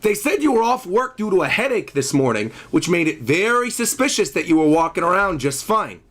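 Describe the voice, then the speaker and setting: A man voicing a big, arrogant male cyborg villain who gloats in a slow, sneering way while reading a comic aloud. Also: sits high, very animated, a bit bright, pitched below the performer's own voice, full character voice.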